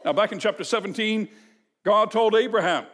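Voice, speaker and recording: A pastor with a fairly high voice delivers an expository sermon, emphatic and measured, leaning on rhetorical questions. His words ring out in a large hall with a long, lingering reverb, as in a church sanctuary. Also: a bit bright.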